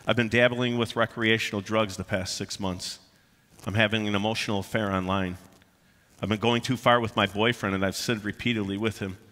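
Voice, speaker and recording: Bright-voiced man preaching in a reverberant hall. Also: on the low side. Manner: emphatic, conversational preaching with frequent "uh" fillers. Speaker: pastor. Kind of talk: sermon. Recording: long reverb of a large hall.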